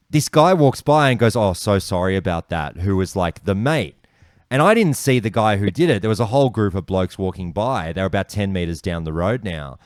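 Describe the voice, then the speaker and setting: An Australian man hosting a podcast, telling stories in animated casual chat with plenty of swearing. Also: lowish voice, brisk, no echo, studio quality. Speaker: podcast host.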